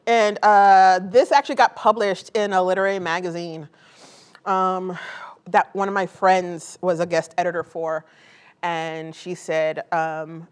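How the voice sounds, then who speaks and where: A woman poet reading her work aloud and then chatting with an audience in a casual, joking way, full of fillers like "like" and "um". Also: fairly low pitch. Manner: laughs easily and jokes with the audience. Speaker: poet and author. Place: college event before a live audience.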